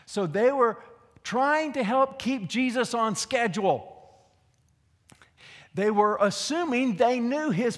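A man, a pastor preaching a sermon in a conversational way, dropping low for asides and rising for emphasis. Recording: long hall reverb.

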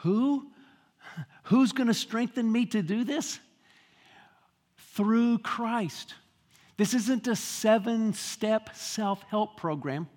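A man's voice: high-pitched, takes it slowly, long pauses, darkish tone, in a large hall. A man preaching a sermon as pastor, emphatic and full of rhetorical questions and repetition.

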